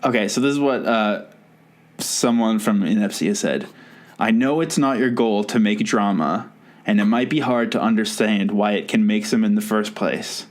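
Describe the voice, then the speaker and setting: Fairly low in pitch and moderately paced, this man hosts a podcast in a casual, rambling style. He's self-amused, frequently laughing at the stories he tells.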